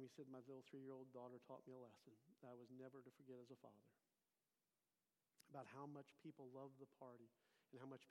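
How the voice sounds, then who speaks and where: A middle-aged man preaching a sermon in a church, telling a story with animated swings between loud emphasis and quiet asides. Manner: animated storyteller, rising loud for emphasis then dropping low. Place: church sanctuary. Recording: long hall reverb.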